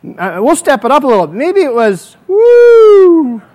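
A man's voice: very high voice, sing-song, a little fast. A male pastor preaching a sermon. He prays earnestly and tells vivid, playful hypothetical stories. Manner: earnest prayer. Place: church.

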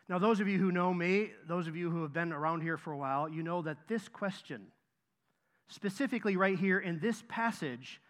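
A man's voice: sits high, fairly bright tone. A man preaching a sermon to his congregation, emphatic and repeating key phrases for stress. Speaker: pastor.

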